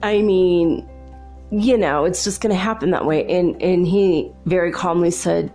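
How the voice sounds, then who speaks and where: A woman hosting a spiritual talk show, telling a personal story in a chatty, animated way and laughing often. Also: on the low side, measured pace, faint music behind. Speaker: host.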